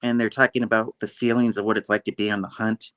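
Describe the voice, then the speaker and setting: A man's voice: lowish voice, little pitch movement, fast, a bit bright, smooth. A man hosting a casual comic book review, rambling, laughing often and acting out scenes. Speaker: host.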